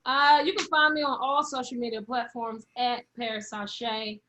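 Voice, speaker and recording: Young female musician guest, blunt, playful talk, fairly high voice. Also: steady tone, moderate pace, bright, forceful tone, slight background noise. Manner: blunt, playful, laughs often. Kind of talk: casual chat.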